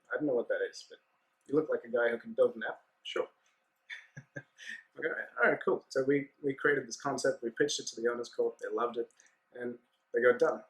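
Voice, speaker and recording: A man, a guest on a business podcast, telling his story in a relaxed, chatty way and acting out the dialogue. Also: mid-range voice, low-quality recording. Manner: animated anecdote-telling with acted-out dialogue. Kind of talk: casual storytelling interview.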